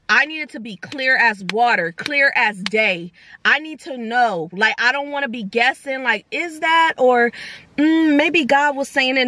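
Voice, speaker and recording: A young female vlogger chats casually through a personal story, her voice on the high side, performing the dialogue in quick, animated bursts.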